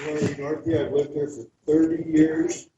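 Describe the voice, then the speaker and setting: A man's voice: on the high side, flat delivery, moderate pace, crowd noise, noisy background. An older man giving blunt, exasperated public comment at a town meeting. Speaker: resident speaking at a public meeting. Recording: roomy, dull, distant hall recording.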